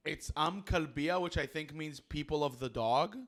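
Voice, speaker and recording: A man's voice: on the high side, moderate pace. A man who is the show's producer, answering the host in brief, hesitant replies. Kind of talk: casual chat.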